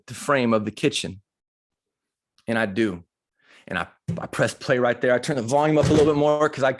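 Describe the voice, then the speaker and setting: A man in middle age gives a live motivational talk. He tells a personal story with animated, conversational energy that keeps turning emotional. His voice sits at an ordinary middle pitch. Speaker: motivational speaker. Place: live retreat session.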